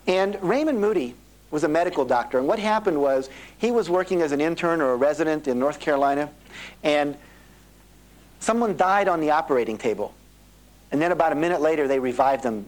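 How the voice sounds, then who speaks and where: This motivational seminar speaker, a middle-aged man, addresses a live audience on an old cassette with poor sound. His slightly high voice moves briskly as he animatedly tells stories, acting out the voices of people in them.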